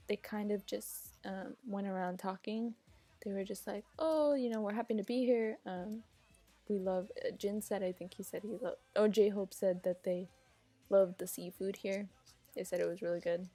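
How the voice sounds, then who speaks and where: A young woman vlogging casually, telling a story in a rambling way with lots of fillers and animated asides. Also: mid-range voice.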